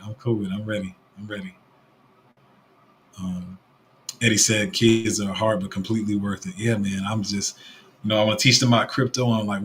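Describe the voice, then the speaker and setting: A man's voice: lowish voice, fairly bright tone, slight background noise. A young man hosting a casual crypto livestream, rambling and restarting his sentences while he answers viewer comments. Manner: rambling, with many fillers and restarts.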